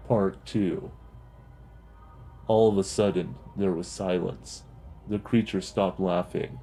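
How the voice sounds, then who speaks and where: A man narrating a horror story in a grim, steady storytelling manner. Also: sits low, slow, soft background music, rough recording.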